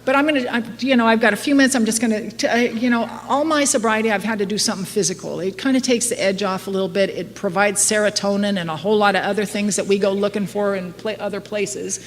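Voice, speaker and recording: In a reverberant meeting hall with faint background noise, a middle-aged woman speaks at an AA meeting, sharing her recovery frankly and poking fun at herself. She laughs a lot, talking fast in a medium pitch with few pauses.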